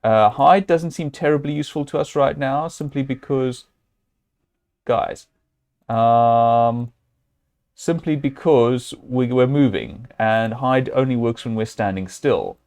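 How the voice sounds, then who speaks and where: A man's voice: mid-range voice, a little slow, a little mellow. A man streaming a live game, thinking aloud and talking to his viewers and his character, with many fillers and restarts. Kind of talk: live gameplay commentary.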